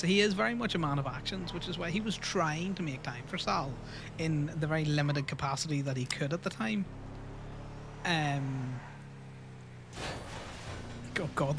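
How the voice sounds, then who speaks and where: A young streamer with a slightly high voice casually rambles through a story while playing a game live, laughing and cursing freely. Background noise can be heard.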